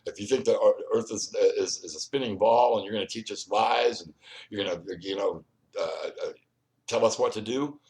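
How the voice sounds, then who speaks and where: Low-voiced guy ranting at his viewers, keeps stumbling over his words, pretty confrontational. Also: moderate pace, darkish tone. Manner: rambling, repeats and restarts words; confrontational, speaks straight to the viewer. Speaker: video host. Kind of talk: solo vlog monologue.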